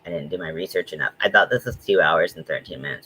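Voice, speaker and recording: A man with a deep, low-pitched voice chats casually on his livestream. He rambles, fills pauses with ums and drifts into quick asides. A faint noise sits under the recording. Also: bright, forceful tone, low-quality recording. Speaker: host.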